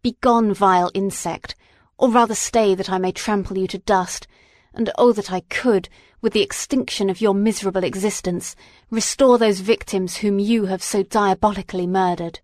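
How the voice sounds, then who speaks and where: A woman's voice: medium pitch, fairly even intonation, normal speed, darkish tone, no room sound, studio quality, close to an everyday voice. A woman reading aloud and voicing a tormented young male scientist who speaks in an impassioned, declamatory way. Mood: raging.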